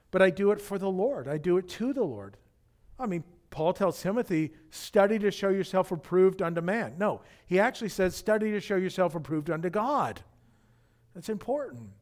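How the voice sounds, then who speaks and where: A man, the senior pastor, preaching a conversational sermon full of fillers and restarts. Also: sits high.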